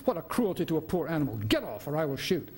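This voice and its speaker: A man's voice: fairly high pitch, big pitch swings, quick pace, darkish tone. An older man giving a dramatic reading of a play, voicing a sardonic middle-aged male writer who tells a bitter story. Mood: storytelling. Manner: wry storyteller, biting.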